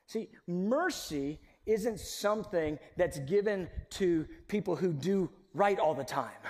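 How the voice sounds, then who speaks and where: A man preaching a sermon with a high, bright voice, moving from loud emphasis to hushed near-whispers. His delivery is animated and conversational, with quick asides. A long reverb from a large hall hangs on every phrase. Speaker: pastor.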